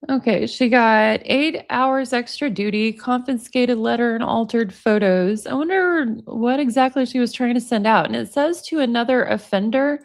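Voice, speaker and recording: A woman's voice: a little high, moderate pace, hardly any pauses. A woman in her forties hosting a casual live-stream, chatting and reading viewer comments aloud with frequent laughs. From United States. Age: 40s. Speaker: livestream commentary host.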